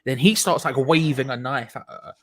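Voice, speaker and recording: With medium pitch and a normal pace, a young man casually tells a lengthy tale, full of swearing and animated character voices.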